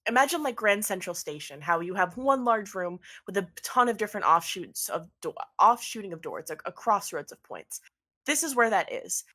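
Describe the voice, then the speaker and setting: A woman's voice: medium pitch, a bit bright. A woman narrating as game master of a tabletop game, chatty with many fillers.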